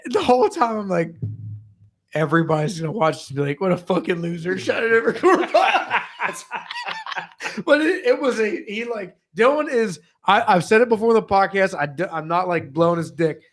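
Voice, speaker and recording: Laughing, high-voiced man. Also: big pitch swings, moderate pace, fairly bright tone. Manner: laughing, loose and profane. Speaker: podcast co-host. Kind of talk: casual chat.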